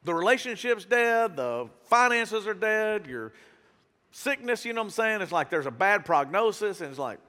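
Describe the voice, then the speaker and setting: A pastor delivers a sermon in a high, bright voice that swoops and climbs as he acts out the people in the story. His talk is casual and full of slang. The sound rings with the long reverb of a church hall. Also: moderate pace. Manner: animated, acts out Bible characters in voices; casual slang, southern-tinged phrasing.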